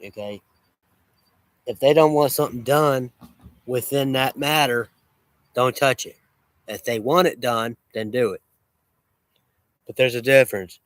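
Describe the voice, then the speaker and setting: Man, lawn care business owner, rambling, repetitive, boastful, keeps restarting, mid pitch. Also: a little slow, long pauses, a bit bright, no echo. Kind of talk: rambling casual monologue.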